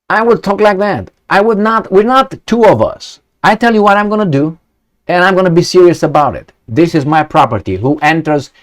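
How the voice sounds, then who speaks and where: A man's voice: high voice, animated. A man reading out a news story and commenting on it, blunt and sarcastic, swearing, asking rhetorical questions and stumbling through fillers and restarts. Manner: halting, many fillers and restarts.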